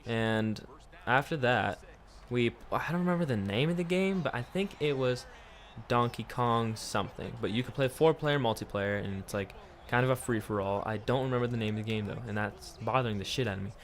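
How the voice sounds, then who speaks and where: A man's voice: medium pitch, a little fast. A man telling a childhood story for his vlog, laughing often and swearing freely. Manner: profane, laughing, rambling storytelling. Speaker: vlogger.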